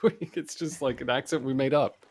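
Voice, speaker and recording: A man making dry, wry quips in casual chat with friends. His voice is mid-pitch and relaxed. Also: fairly quick. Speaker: streaming friend.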